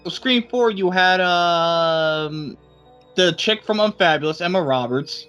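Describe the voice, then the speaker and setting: A man co-hosting a podcast in casual chat, animated and sometimes trailing off to restart his thoughts. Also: sits high, takes it slowly, smooth, lo-fi sound, soft background music. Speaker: podcast co-host.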